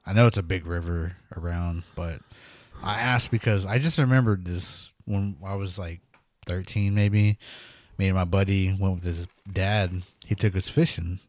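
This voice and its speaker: A man's voice: deep voice, normal speed, no echo. A man co-hosting a podcast, recounting an eerie memory with nervous laughs and quoted dialogue. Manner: animated storyteller, laughs nervously, acts out quotes. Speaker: podcast co-host. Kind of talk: casual storytelling chat.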